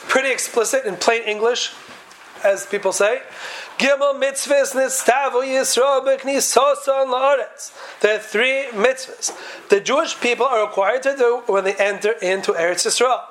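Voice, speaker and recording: A man's voice: extremely high pitch, normal speed, fairly bright tone, slight background noise, rough recording. A man giving a Talmudic lecture to a class, posing question after question in a sing-song study cadence. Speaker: Torah teacher.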